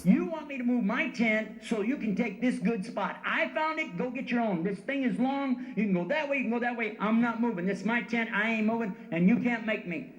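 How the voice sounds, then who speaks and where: A man voicing a stubborn grown man who refuses to leave the tracks, flatly denying everything he is told. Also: very high-pitched, fairly quick, hardly any pauses, reverberant, highs cut off, voice pushed up.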